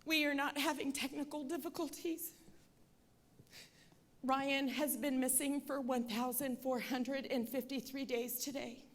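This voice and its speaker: Earnest woman in her 40s telling her story on stage, high voice, gets forceful. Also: steady tone, a little slow. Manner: earnest, rising to forceful appeals. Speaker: speaker at an event. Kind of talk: personal testimony speech.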